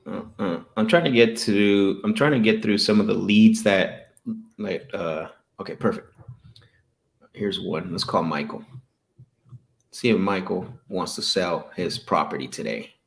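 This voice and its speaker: A man's voice: sits low, a little slow, vocal fry. A man hosting a live stream as a sales coach, casually musing aloud and chuckling between phone calls to property sellers. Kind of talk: casual live-stream chat while cold calling.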